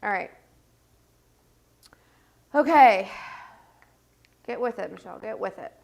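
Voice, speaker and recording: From her home set, a woman hosts a casual get-ready-with-me makeup livestream, rambling with plenty of fillers as she does her makeup. Her medium-pitched voice is gravelly and very fast, with a stuffed-up, scratchy, congested quality.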